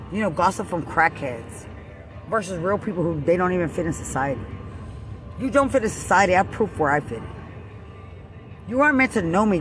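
A man ranting angrily outdoors, accusing someone over and over and swearing. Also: high-pitched. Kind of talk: angry confrontational rant.

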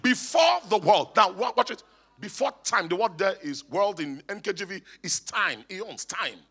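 A man's voice: sits high, animated, normal speed, fairly bright tone, breathy edge. A man, a bishop preaching emphatically in church and calling on the congregation to respond. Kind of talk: sermon. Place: church hall.

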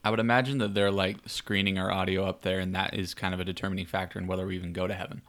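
A man hosting a podcast, talking quietly in casual chat and laughing often. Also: low-pitched, level tone, rapid-fire. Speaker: podcast host.

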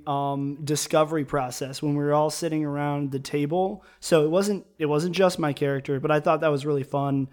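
A man who plays in a tabletop game, chatting casually and warmly about the session. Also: fairly high pitch. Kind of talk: casual chat.

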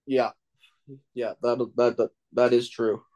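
A man's voice: medium pitch, flat delivery, slow, warm tone. A man guesting on a podcast in casual chat, agreeable and mostly giving short replies.

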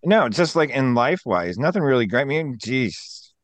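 A man on a podcast grumbling in a deadpan, gloomy way. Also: medium pitch, normal speed, no room sound. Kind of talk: casual chat.

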